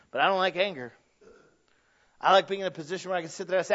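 A man with a high voice preaches in a conversational way. He is earnest, leaning hard on some words and dropping low and soft on others. The recording sounds dull and lo-fi. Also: racing. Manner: earnest, conversational, swings between emphatic and hushed. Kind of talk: sermon.

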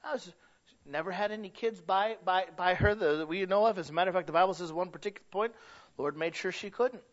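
A man preaching a sermon, telling stories and building to loud, emphatic points. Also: sits high, fairly quick. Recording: dull lo-fi recording.

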